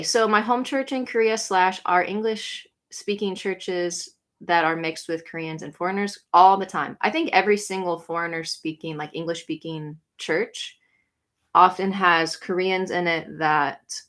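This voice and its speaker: Chatty young woman on a livestream. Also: on the low side. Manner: chatty, lots of "like", quick bright greetings. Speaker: YouTuber answering livestream comments. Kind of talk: casual livestream chat. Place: home room.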